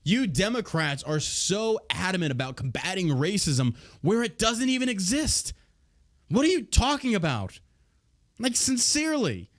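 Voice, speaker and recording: A podcast host with a high-pitched, sing-song voice reads the news a little slowly, then rants about it with heavy swearing and outrage. The casual commentary is captured with clean studio sound and no room echo.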